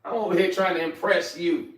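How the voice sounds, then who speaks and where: A man's voice: high-pitched, fairly even intonation, a little fast, echoey room, far from the mic. A young man hosting a casual livestream while he cooks, joking loosely and talking to his chat. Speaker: livestream host. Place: home kitchen.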